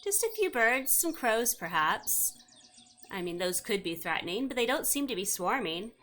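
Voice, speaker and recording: A woman's voice: a little high, big pitch swings, moderate pace, pushed and bright, slight background noise. A woman narrating a tabletop game as game master, with wry asides to the players.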